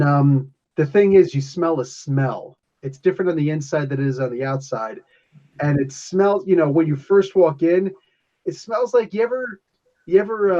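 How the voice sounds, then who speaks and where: A man's voice: on the high side, dark tone. A man from New Jersey, the game master, narrating a tabletop game in a rambling, chuckling way with many fillers. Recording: dull lo-fi sound.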